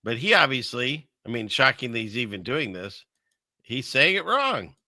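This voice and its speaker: Rambling in conversation while reading from the Bible, a man hosts a casual livestream on scripture and conspiracy theories. His mid-range voice is bright and forceful with a sing-song lilt, moving at normal speed in a dry recording.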